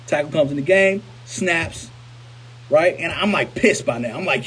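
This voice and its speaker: A man telling a personal story to his viewers in an animated, conversational way, often repeating himself for emphasis. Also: on the high side, unhurried, slightly rough, rough recording. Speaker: motivational speaker. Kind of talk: storytelling to camera.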